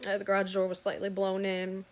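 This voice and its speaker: A woman's voice: medium pitch, monotone, brisk. A woman earnestly recounting a personal story in casual, rambling talk that often corrects itself mid-sentence.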